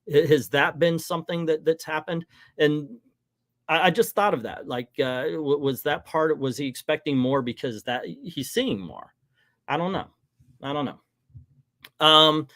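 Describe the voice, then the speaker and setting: A man's voice: mid-range voice, a bit bright, no room sound, clean studio sound. A middle-aged man hosting a casual livestream, talking in a rambling, frank and hesitant way in front of a green screen. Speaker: livestream host.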